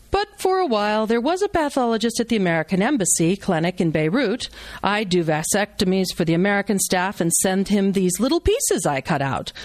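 A woman's voice: mid-range voice, no room sound, close to an everyday voice. A woman reading aloud as a brash, joking male surgeon who is teaching a procedure. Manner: blunt, wisecracking, instructive. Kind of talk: reading a novel aloud to a live audience.

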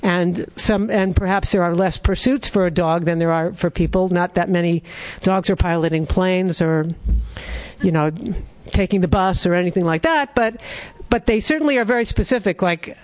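High-voiced man reading his own story. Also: normal speed. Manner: wry, conversational, with restarts. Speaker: author.

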